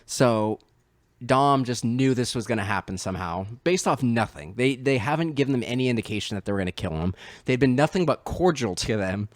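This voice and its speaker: A man's voice: mid-range voice, brisk, dry recording, clean studio sound. A young man co-hosting a podcast, chatting casually and animatedly about films and acting out lines. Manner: animated, swears, acts out movie lines. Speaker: podcast co-host. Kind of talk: casual film discussion.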